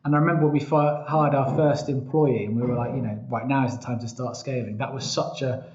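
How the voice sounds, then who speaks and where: A man's voice: medium pitch, fairly even intonation, a little fast, darkish tone. A man telling his story as a podcast guest, chatty, often quoting himself and restarting sentences. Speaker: podcast guest, travel company founder. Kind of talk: casual interview storytelling. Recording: roomy, slightly dull sound.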